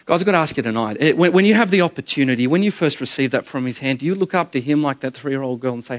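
A middle-aged man preaching a sermon as pastor, telling stories with animated energy, often repeating words and calling his listeners guys. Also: mid-range voice, fast, hardly any pauses.

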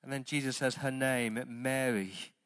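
A man pastor preaching a sermon, stressing words loudly and then dropping to quiet asides. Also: on the high side, measured pace. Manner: emphatic preaching, swings between loud stresses and quiet asides.

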